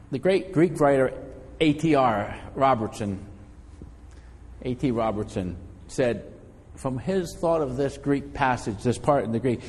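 A man's voice: medium pitch, a little mellow, breathy edge. Male pastor, mid-range voice, casual sermon delivery with frequent restarts, recorded with long hall reverb. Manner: conversational, repeats words while finding phrasing.

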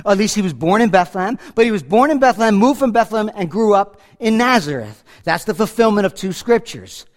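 A man's voice: high voice, expressive, fairly quick, few pauses. A middle-aged man from New York preaching a conversational Bible-teaching sermon, acting out the scripture dialogue. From New York, USA. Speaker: pastor.

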